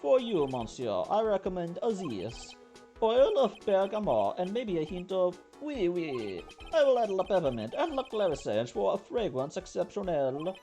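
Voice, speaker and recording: A man voicing a flamboyant, fussy male restaurant owner in a comic fake Italian accent, high and sing-song. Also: huge pitch swings, moderate pace, warm tone, faint music behind, full character voice. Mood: theatrical. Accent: put-on comic Italian accent.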